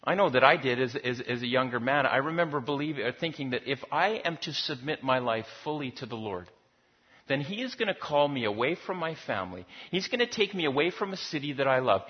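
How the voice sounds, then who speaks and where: A man's voice: medium pitch, lively intonation, a little fast, breathy edge. A man preaching a sermon in a conversational, storytelling manner, often repeating words as he goes. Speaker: pastor. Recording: dull lo-fi recording.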